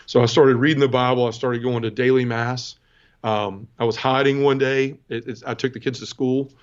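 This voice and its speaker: A man in his forties, a podcast guest, telling his personal conversion story earnestly and emotionally, with many halting restarts. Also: mid-range voice, steady tone, smooth, dull audio.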